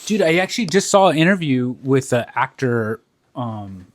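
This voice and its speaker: Male podcast co-host; loose, rambling, profane delivery, mid pitch. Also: very animated, moderate pace, dry recording. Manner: rambling, swears a lot, many fillers. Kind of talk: casual chat.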